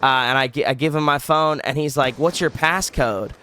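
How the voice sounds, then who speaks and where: A young man tells a story straight to his audience, his voice bright and crisp. He rambles and restarts, packing in "like" as he talks in a loose, animated way. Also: medium pitch, fairly quick. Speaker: vlogger. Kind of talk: casual storytelling.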